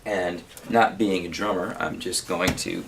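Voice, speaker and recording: Low-voiced man teaching guitar. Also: fairly even intonation, measured pace, gravelly, slight background noise, poor audio. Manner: counts beats aloud while strumming. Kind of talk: relaxed spoken guitar lesson with counting. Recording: loud guitar under the voice.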